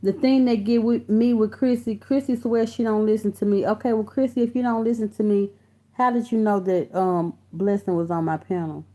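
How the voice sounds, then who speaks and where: Livestreaming from her phone or computer, a woman with a warm, medium-pitched voice reads viewer comments and greets people by name. She's blunt and curses a lot, calling her viewers honey and baby.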